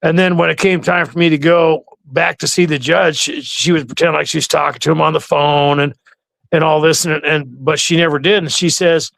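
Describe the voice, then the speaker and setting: Man hosting an interview, gravelly voice, fairly high pitch, rambling casual storytelling, dry sound. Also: steady tone, a little fast, fairly bright tone, dry recording. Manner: rambling storytelling with many restarts. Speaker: interview host.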